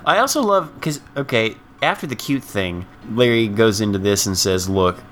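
A man's voice: on the low side, lively intonation, moderate pace, a bit bright, slight background noise. A man co-hosting a podcast, giving wry, sarcastic commentary on a sitcom episode. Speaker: podcast co-host. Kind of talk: casual recap chat.

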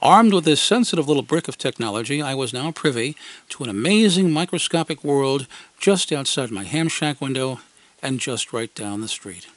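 A man's voice: mid-range voice, animated, normal speed, dry recording. A man reads a wry, scripted first-person story for an amateur radio program. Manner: wry, dry humor, acted quotes. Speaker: radio segment commentator.

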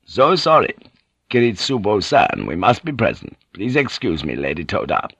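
A man's voice: lowish voice, wildly swooping pitch, normal speed, fairly bright tone, breathy edge, dry recording, exaggerated voice. A man reading a deferential but unbending guard captain who apologizes politely and holds firm.

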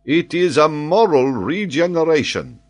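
A man voicing an excitable, impetuous French scholar in an audiobook, speaking vehemently and emphatically. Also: medium pitch, a little slow. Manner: vehement, emphatic, eager to astonish.

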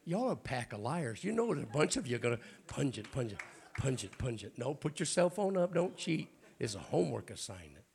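A man's voice: on the high side, sing-song, fast, gravelly, few pauses, darkish tone. An older man with a Southern accent preaching a sermon in a folksy, joking way. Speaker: bishop preaching.

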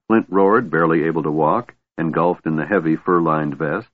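A man narrating a fantasy audiobook in a steady, measured storytelling manner. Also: a bass voice, no echo. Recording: tinny phone-like dry sound.

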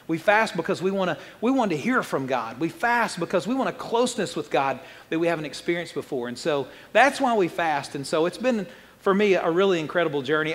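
Fast-talking pastor, high voice, hall echo. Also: male voice, fairly bright tone. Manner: fast-talking, jokey and conversational. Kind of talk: sermon.

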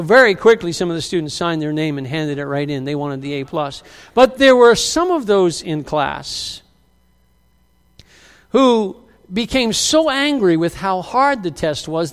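A middle-aged man preaching from the pulpit with a high, smooth, resonant voice. He carries the congregation along as an animated storyteller, acting out the people he quotes. His words ring out with a long reverb, as in a large church hall. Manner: animated storyteller who acts out quoted lines. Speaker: pastor. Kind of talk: sermon.

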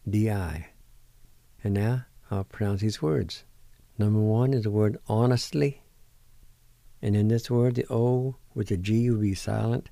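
A middle-aged man hosting a language lesson, spelling words letter by letter and repeating each one slowly. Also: fairly low pitch, mellow, no room sound. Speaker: radio host teaching words. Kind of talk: slow word-by-word language lesson.

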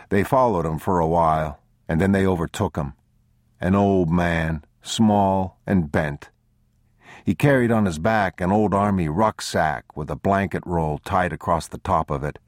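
A man reading a novel aloud as audiobook narrator in a measured, sombre, deliberate manner, recorded on a close mic. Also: deep voice, no echo. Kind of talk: scripted literary narration.

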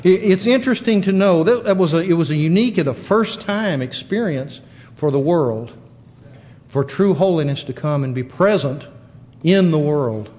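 A man giving a plain-spoken Bible teaching in a halting style with many fillers, recorded in a church. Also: on the high side, lively intonation. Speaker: preacher. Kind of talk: sermon. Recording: dull lo-fi church recording with long reverb.

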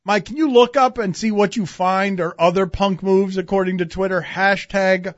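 Male sports radio host, high voice, joking banter, dry lo-fi studio sound. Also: steady tone, normal speed, no echo. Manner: joking, laughs often, leads the segment. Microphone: studio microphone. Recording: dull, lo-fi radio studio audio.

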